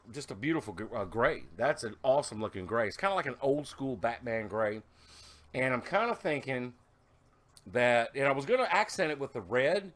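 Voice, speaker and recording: A man chatting casually in a vlog, rambling and animated, telling stories with laughs as he shows his work. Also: mid-range voice. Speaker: vlogger.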